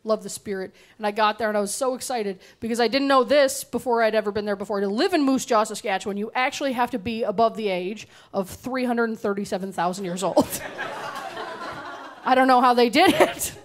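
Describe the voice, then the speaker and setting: A woman's voice: a little high, fairly quick. Sarcastic woman doing stand-up. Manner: sarcastic, bawdy, animated storytelling. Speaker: stand-up comedian. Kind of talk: stand-up comedy set. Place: comedy club stage.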